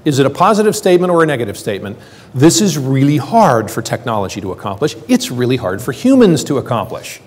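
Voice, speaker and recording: An older man giving a lively conference talk, joking with the audience and acting out quoted lines. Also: mid-range voice, fast talker. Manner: quipping, plays out quoted voices. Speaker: conference speaker. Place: lecture hall. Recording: hall reverb from stage.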